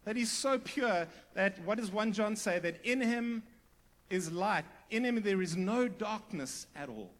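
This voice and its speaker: High-voiced man preaching a sermon. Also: animated, a little slow. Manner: emphatic, rising to near-shouted repetition; asks the congregation questions. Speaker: pastor.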